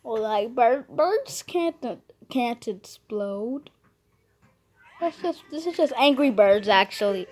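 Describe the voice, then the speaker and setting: A woman's voice: a little high, animated, slow, low-quality recording. A woman giving casual, playful commentary while playing a game, talking to the characters and cracking puns. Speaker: gamer.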